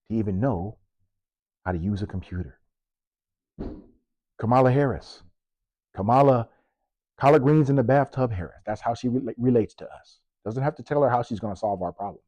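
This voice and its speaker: A man's voice: medium pitch, mellow, dry recording, highs cut off. A man who works as a police officer, giving impassioned political commentary with punchy rhetorical questions and sarcasm.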